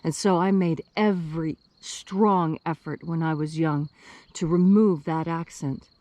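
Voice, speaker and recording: A woman from West Virginia giving an earnest spiritual sermon with careful, deliberate diction. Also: low-pitched, steady tone, mellow, no echo. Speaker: minister.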